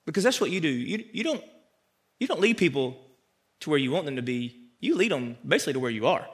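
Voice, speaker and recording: A man pastor preaching a sermon, swinging from loud emphatic peaks down to quiet asides to the congregation. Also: sing-song, fast. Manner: preaches with sharp rises to loud emphatic peaks, then drops low and quiet.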